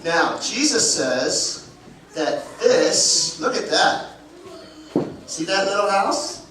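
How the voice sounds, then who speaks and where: A man with a fairly high voice gives a children's sermon in a church, playful and asking the kids questions as he shows his props. He sits far from the mic, so his voice rings through a very echoey sanctuary. Clear room noise hums underneath. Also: sing-song, drawn-out words, sharp tone. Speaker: pastor.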